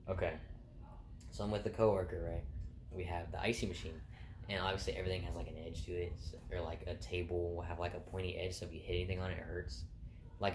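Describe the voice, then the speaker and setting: A man's voice: sits low, vocal fry, a little mellow. A young man casually telling funny stories from his job, often laughing, rambling and swearing. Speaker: vlogger telling work stories. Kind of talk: casual storytelling. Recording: echoey room with faint noise.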